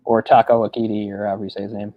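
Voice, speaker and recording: A man's voice: fairly low pitch, flat delivery, very fast, lo-fi sound. A man co-hosting a casual film discussion podcast, talking in a rambling way with many fillers. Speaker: podcast co-host.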